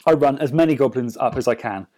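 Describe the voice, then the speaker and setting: A man tells the story of a tabletop game match on a podcast. His retelling is casual and lively, and he acts out his own thoughts as he goes. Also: medium pitch, quick pace. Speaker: podcast co-host.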